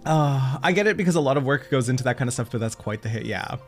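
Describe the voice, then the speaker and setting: A man streaming a game, chatting casually with his viewers in an excitable, gushing way. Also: mid-range voice, quick pace, soft background music. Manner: excitable, gushing, talks to chat.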